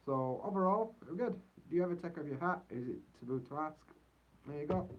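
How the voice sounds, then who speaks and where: A young man from Yorkshire, England, a vlogger living in Japan, chats casually on a livestream in a rambling, easygoing manner full of fillers like "so yeah." He speaks expressively and fairly quickly, though his poor-quality mic makes the sound dull and muffled.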